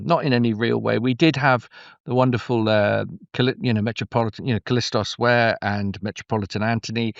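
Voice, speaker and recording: A middle-aged man, a storyteller talking as a guest in a relaxed interview, meandering and effusive with many restarts. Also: mid-range voice, dry recording, highs cut off. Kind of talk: conversational interview.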